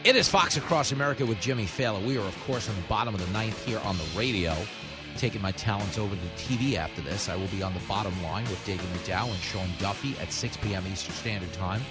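A man hosting a radio talk show, telling stories animatedly and acting out the shouting people in them. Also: fairly low pitch, quick pace, over loud music. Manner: animated storyteller, acts out shouting characters. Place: radio studio.

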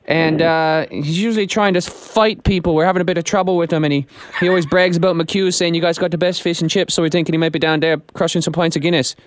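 A man's voice: on the high side, fairly even intonation, quick pace, dry recording, natural voice. A man putting on an Irish accent as a rambling prank caller looking for his wayward brother. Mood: bold. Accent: put-on Irish. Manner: brash, rambling, hamming it up. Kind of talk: prank phone call.

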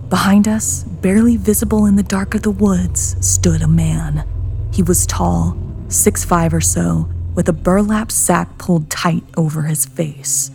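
A woman hosting a podcast, narrating a scary story in a hushed voice that often sinks to a whisper. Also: deep voice, creaky. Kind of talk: scripted horror story narration. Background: background music.

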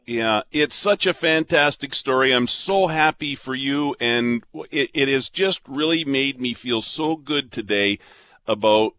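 A man's voice: mid-range voice, a little slow, bright, forceful tone. A man hosting a radio interview who asks long, reflective questions of a caller. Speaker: radio host.

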